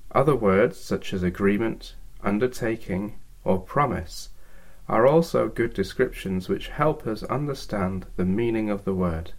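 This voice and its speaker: A man giving a measured, scripted talk on Bible teaching. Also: on the low side.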